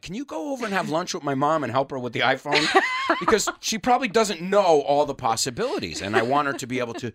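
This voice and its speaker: A man hosting a radio show in casual bilingual chat, telling stories animatedly and acting out quotes. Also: slight background noise. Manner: animated storytelling, acting out quotes with big pitch jumps. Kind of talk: casual bilingual chat, switching between English and Spanish. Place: radio studio.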